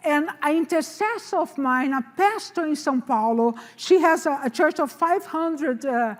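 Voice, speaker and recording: A woman in her sixties telling a personal faith testimony in an animated way, acting out the voices of the people in her story. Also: sits high, normal speed, in a large hall. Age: 60s.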